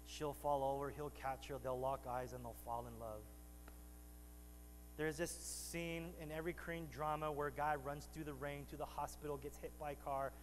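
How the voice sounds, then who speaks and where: A man's voice: fairly high pitch, fairly even intonation, moderate pace, in a large hall, a little hiss or hum, low-quality recording. A man preaching a sermon to his congregation in a church, bantering with them and rising to emphatic preaching. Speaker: pastor. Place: church sanctuary.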